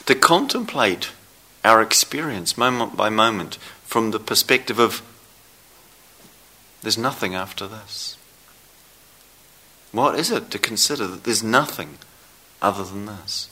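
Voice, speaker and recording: A man giving a dharma talk as a meditation teacher, speaking slowly and reflectively with long pauses. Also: on the low side, expressive, sharp tone. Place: meditation hall.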